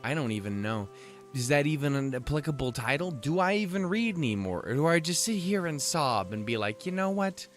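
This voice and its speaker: A man's voice: mid-range voice, sing-song, fairly quick, soft background music. Rambling, self-mocking let's play guy. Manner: rambling, self-deprecating, swears freely. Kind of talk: casual game commentary and reading.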